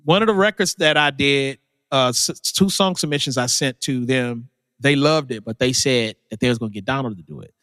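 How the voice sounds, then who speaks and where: A man, a music producer guest, telling stories in a casual chat, leaping into high, lively voices when he quotes people. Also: brisk, dry recording, clean studio sound, long reverb tail. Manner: animated, leaps high when quoting people.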